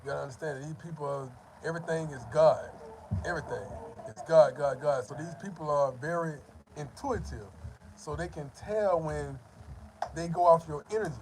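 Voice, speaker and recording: Black guy telling a story loud n loose, kinda high voice, cussing a lot. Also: normal speed, a little hiss or hum, low-quality recording. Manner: animated storytelling, swears freely. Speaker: host. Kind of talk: casual chat.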